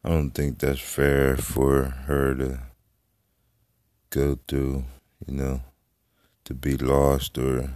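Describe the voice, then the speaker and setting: A man's voice: rumbling low, monotone, slow pace, long pauses, darkish tone, clear, resonant tone, no room sound, clean studio sound. A middle-aged man hosting a casual solo podcast, rambling and swearing freely, trailing off into fillers. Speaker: podcast host. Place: Florida.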